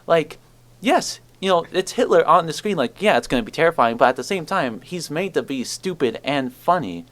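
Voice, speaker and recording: A teenage boy hosting a school podcast, talking in a quick, restless way with lots of fillers and restarts. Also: on the high side. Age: teens. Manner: animated, restarts words, many fillers. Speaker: student podcast host. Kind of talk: casual chat.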